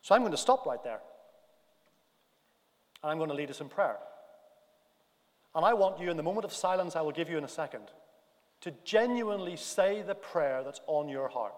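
Guy preaching in a big church, fairly high voice, gets loud and fired up, long hall echo. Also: moderate pace, long pauses. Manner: animated, rising to near-shouts at emphatic points. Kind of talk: sermon.

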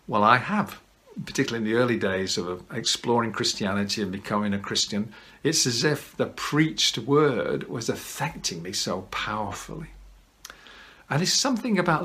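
Male pastor, chatty and emphatic sermon delivery, mid pitch. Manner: conversational, gently humorous, emphatic. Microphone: camera at home.

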